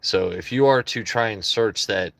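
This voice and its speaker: A man with a lowish voice chats casually on his own livestream, joking and wandering from topic to topic as he talks to chat. The sound is close and dry, with no room around it. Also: normal speed, vocal fry, fairly bright tone, no echo. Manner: loose, joking, rambling asides to chat. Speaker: livestream host.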